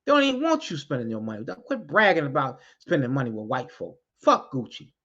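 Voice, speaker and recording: A man speaks in a fiery, preaching manner, hammering his points by saying them twice and swearing without holding back. His voice sits at an ordinary middle pitch. The recording is dull and lo-fi. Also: very animated, a little fast, fairly bright tone. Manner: fiery, preaching, repeats key lines for emphasis; blunt, swears freely. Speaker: community activist addressing street groups. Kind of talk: impassioned spoken address.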